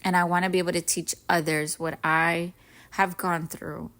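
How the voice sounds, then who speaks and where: A woman's voice: on the low side, flat delivery, normal speed, a bit bright. A woman in her thirties hosting a solo podcast, talking earnestly and emotionally about self-growth and encouraging her listeners. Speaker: podcast host. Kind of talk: reflective solo podcast talk.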